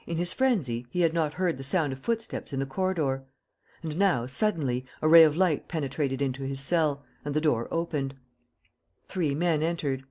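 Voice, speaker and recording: A man narrating a classic novel as an audiobook in a steady, measured reading style. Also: fairly high pitch. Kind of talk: scripted narration.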